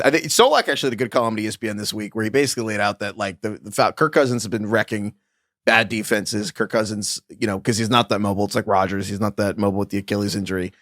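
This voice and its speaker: A man's voice: on the low side, fairly bright tone, no echo, studio quality. A man co-hosting a fantasy football podcast, joking and riffing in casual chat. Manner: jokey, riffing, frequent restarts. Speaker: podcast co-host.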